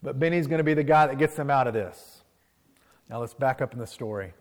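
A man pastor preaches in an animated, chatty storyteller's style, with a middle-pitched voice. His words hang in the long reverb of a church sanctuary. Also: a little fast. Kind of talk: sermon with storytelling.

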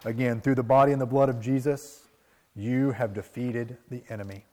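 A man preaching a sermon as a pastor, telling a story in a lively, conversational way and checking in with the congregation. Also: medium pitch, normal speed. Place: church sanctuary. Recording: long hall reverb.

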